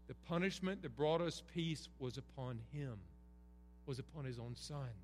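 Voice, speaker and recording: A middle-aged man delivers an earnest sermon, leaning on emphatic repetition. His voice sits a touch high. The hall carries a long reverb over a faint hum. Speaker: pastor. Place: church sanctuary.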